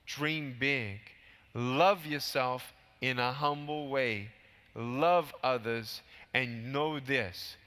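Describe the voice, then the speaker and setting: Animated motivational speaker in a big hall. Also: male voice, on the high side. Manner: animated storytelling, acting out scenes. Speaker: keynote speaker. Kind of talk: motivational keynote speech. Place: large convention hall. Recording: long hall reverb from PA.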